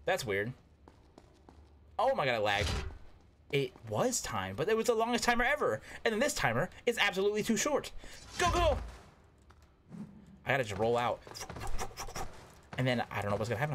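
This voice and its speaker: A man giving casual gameplay commentary, excitable and talking to himself, yelping at close calls. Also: mid-range voice, slight background noise. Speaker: gaming YouTuber.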